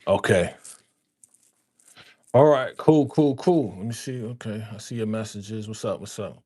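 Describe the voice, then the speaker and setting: A man's voice: lowish voice, measured pace, a little mellow. Slangy man hosting a live stream. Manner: loose, repetitive, slangy, addresses viewers as fam. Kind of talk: casual live-stream chat. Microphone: podcast dynamic microphone.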